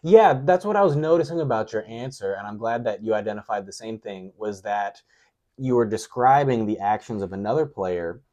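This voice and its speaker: A low-voiced man hosting a casual interview. He reflects his guest's words back to him thoughtfully, pausing on "um"s as he builds his points in a coach-like way. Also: mellow. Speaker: interview host.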